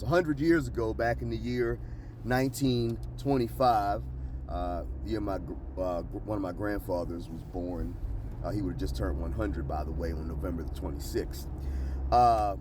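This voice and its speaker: A man's voice: low-pitched, background noise. Emphatic man. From Baltimore, Maryland. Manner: emphatic, keeps checking in with "okay?" and "all right?". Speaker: history educator. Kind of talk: casual explanatory monologue. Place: outdoors in the sun.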